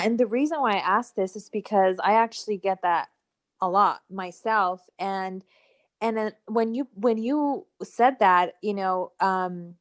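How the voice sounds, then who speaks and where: A woman asks a question in a workshop discussion, hesitant and searching for words. Her voice is mid-pitched. It sounds dry, with no room echo. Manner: hesitant, many fillers. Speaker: workshop participant.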